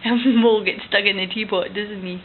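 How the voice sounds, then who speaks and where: A woman at home retelling a picture book with a toddler, gentle and coaxing, often dropping to a hush. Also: medium pitch, fairly even intonation, fairly quick. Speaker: parent reading to a toddler. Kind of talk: bedtime story retelling. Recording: tinny lo-fi home recording, faint hiss.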